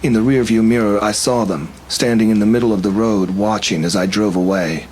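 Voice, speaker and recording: In a fairly low voice, a male narrator recounts a first-person horror story at a brisk pace, steady and tense. The audio is poor, with a faint hum beneath it.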